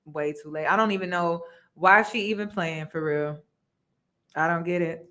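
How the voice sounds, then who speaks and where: A woman host with a bright, forceful voice. She chats casually and expressively, laughing and turning to speak to her viewers. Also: on the low side, normal speed. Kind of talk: casual reaction chat.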